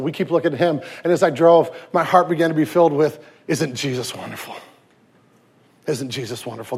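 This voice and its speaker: A man in his thirties, a pastor preaching a sermon with lively storytelling, swinging from loud emphasis to hushed tenderness. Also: on the high side. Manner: acts out quoted voices and anecdotes.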